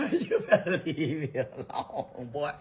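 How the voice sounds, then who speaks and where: A man taunting someone in a livestream rant, breaking into cackles again and again. His voice sits fairly high and swings widely up and down as he mocks. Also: wildly swooping pitch, slow pace. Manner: mocking, cackles often between lines.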